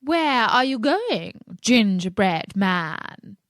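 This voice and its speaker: A woman voicing a cunning male fox in a storybook, slow and coaxing as he fakes a feeble voice. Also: medium pitch, sing-song, no room sound, studio quality, full character voice. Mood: sly. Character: sly cunning male fox feigning weakness.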